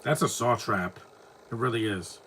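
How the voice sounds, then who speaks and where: A man's voice: lowish voice, moderate pace, pushed and bright, a little hiss or hum. A man giving casual live movie commentary at home, rambling with frequent restarts and self-corrections. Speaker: film commentator.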